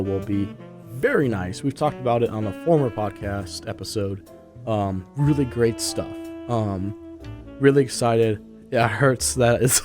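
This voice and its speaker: A young man hosting a student radio podcast, short of breath and congested, chatting loosely with many fillers before reading the news. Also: lowish voice. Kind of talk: casual chat, then news reading.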